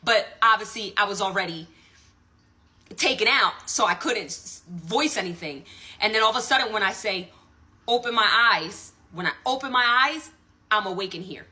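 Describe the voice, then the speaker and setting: Woman, casual story time, rambling, earnest, swears, bright tone. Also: medium pitch, expressive, normal speed. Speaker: social media storyteller.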